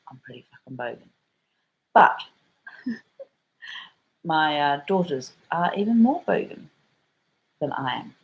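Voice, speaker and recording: A woman's voice: low-pitched, sing-song, moderate pace, muffled recording. A middle-aged woman with an Australian accent, telling a rambling story for her vlog in a chatty way, full of slang and the odd swear word. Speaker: vlogger.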